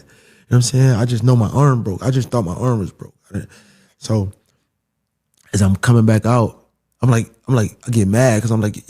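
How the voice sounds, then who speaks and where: A young man casually telling a story, animated and swearing, acting out the voices of the people in it. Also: mid-range voice, a little fast, breathy edge.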